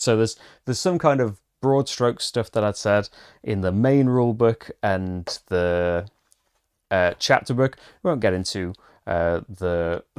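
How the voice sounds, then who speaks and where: A man's voice: lowish voice, a little mellow, dry recording, clean studio sound. Casual man talking through a board game. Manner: casual, rambling, many fillers and restarts. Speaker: board game channel host. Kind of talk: solo board game playthrough with read-aloud story.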